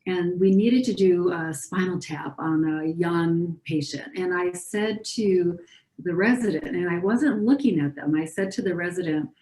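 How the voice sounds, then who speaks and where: A woman clinician giving an educational talk, speaking calmly and reassuringly and modeling soothing phrases for patients. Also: lowish voice, measured pace, echoey room. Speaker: pediatric clinician presenter.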